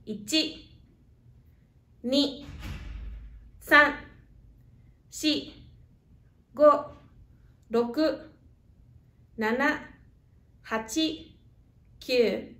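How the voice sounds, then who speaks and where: A woman's voice: high voice, drawn-out words, long pauses, a bit bright. A woman presenting a school news segment, teaching children words in an upbeat call-and-repeat style; Spanish is her first language. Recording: echoey room.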